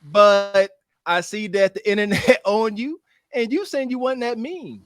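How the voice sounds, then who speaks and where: A man's voice: sits high, unhurried, no room sound, studio quality. A man from Pittsburgh co-hosting a podcast, teasing and laughing often in casual chat. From Pittsburgh, United States. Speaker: podcast co-host.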